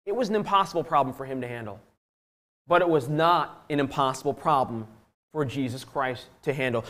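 High-voiced preacher, loud then hushed. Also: male voice, lively intonation. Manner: swings between loud emphasis and hushed, drawn-out phrases; reads scripture in old-fashioned biblical wording. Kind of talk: sermon with scripture reading.

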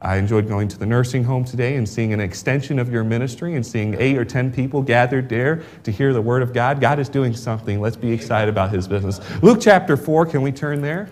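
A young man, raised in England but speaking with an American accent, preaching as a missionary in an earnest, upbeat sermon that swells to loud emphasis. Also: mid-range voice, brisk, few pauses.

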